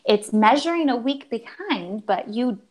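A woman's voice: a little high, animated, unhurried, low-quality recording. A woman in her thirties, a guest telling an emotional personal story in earnest, acting out quoted dialogue and often restarting her sentences.

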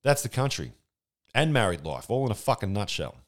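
A man's voice: lowish voice, sing-song, brisk. A man with an Australian accent ranting alone into a podcast microphone, profane and sardonic, rambling with frequent restarts. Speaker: podcast host. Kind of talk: solo ranting monologue. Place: room at home with white wall.

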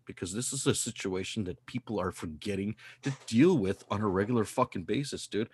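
Husky, fired-up podcast host man. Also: lowish voice, expressive, fairly quick, hardly any pauses, no echo. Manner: profane, fired-up ranting. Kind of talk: casual podcast chat.

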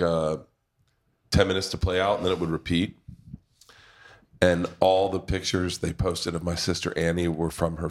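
Low-voiced man telling rambling stories. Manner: rambling storyteller, swears freely. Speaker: podcast host. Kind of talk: casual chat. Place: pub.

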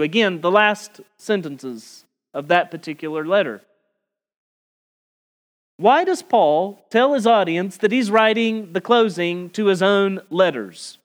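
High-voiced emphatic male preacher. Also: expressive. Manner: emphatic, rising on key words and slowing for stress. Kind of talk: expository sermon.

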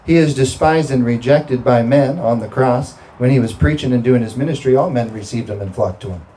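A man's voice: medium pitch, brisk, warm tone, low-quality recording. A male pastor preaching a sermon and leading a communion prayer, with emphatic, rising delivery and call-and-response to the congregation. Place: church sanctuary.

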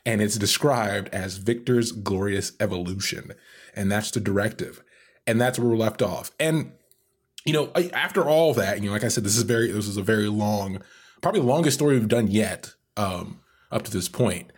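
A man's voice: lowish voice, moderate pace, husky. A man co-hosting a podcast in casual, jokey chat. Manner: jokey, animated, laughs often. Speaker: podcast co-host.

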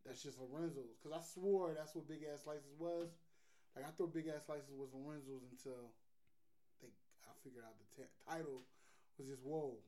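A joking, teasing man from South with a high voice, chatting casually with a friend. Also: normal speed, dark tone. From South Philadelphia. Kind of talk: casual chat.

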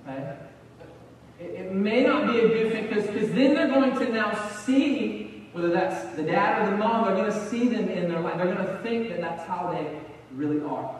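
A man's voice: high voice, animated, moderate pace. A man preaching a sermon in a conversational way, often repeating words as he gets going. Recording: echoey hall, far from the mic.

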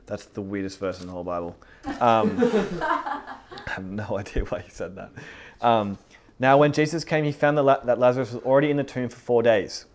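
A man leading a casual Bible study, reading verses aloud and commenting with animated enthusiasm and frequent laughter. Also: mid-range voice, moderate pace, slight background noise. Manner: animated, laughs often, reads scripture then comments.

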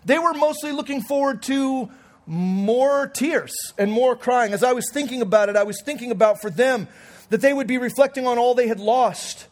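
A man's voice: extremely high pitch, moderate pace. A man in his forties preaching a sermon as pastor, in a conversational, humorous way with frequent restarts. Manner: conversational, humorous, self-correcting.

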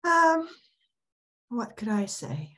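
A woman mindset and happiness coach, a guest on a podcast, talking in a casual, reflective way with frequent restarts and soft laughs. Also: a little high, very animated, slow.

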